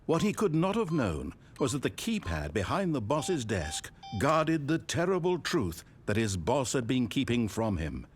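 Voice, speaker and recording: Pompous, mocking game narrator. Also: male voice, mid-range voice, huge pitch swings, a little slow, few pauses. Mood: narrating.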